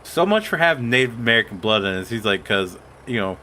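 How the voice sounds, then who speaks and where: Male streamer, bright tone, rambling anecdotal delivery. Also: fairly low pitch, very animated, quick pace, a little hiss or hum. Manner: rambling storyteller, quotes others. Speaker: streamer host. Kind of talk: casual gaming chat.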